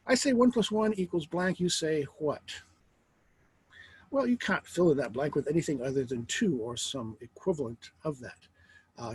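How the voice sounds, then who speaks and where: A middle-aged man teaching a philosophy lecture in a wry, lively way, asking rhetorical questions. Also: fairly high pitch, breathy edge, rough recording.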